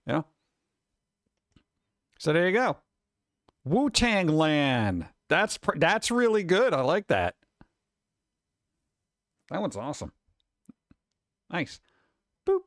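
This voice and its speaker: A man hosting a casual live stream, reacting to news and jokes with sarcastic, lively asides. His voice sits somewhat high for a man. The sound is dry and close, with no room around it. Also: slow pace, pauses often, no echo. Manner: sarcastic, animated asides to viewers. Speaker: streamer reading news and memes.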